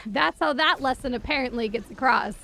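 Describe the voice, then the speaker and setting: High-voiced sarcastic woman streamer. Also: fairly quick, creaky. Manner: profane, sarcastic, animated retelling. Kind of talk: casual storytelling while gaming.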